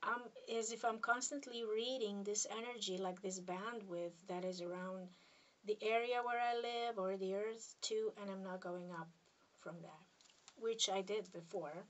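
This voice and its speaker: A woman's voice: mid-range voice, fairly even intonation, highs cut off. Serbian accent lady healer rambling to camera, stops and restarts a lot, goes half whisper, mic kinda far off. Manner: hesitant, halting, drifts into soft near-whispers. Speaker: spiritual healer. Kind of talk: casual monologue to camera.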